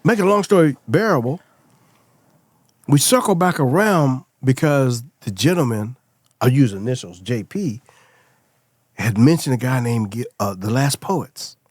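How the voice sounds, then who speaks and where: Animated storytelling man, dry close mic. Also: medium pitch, measured pace, no room sound. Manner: animated storyteller, acts out quoted voices. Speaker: podcast guest. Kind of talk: casual storytelling chat.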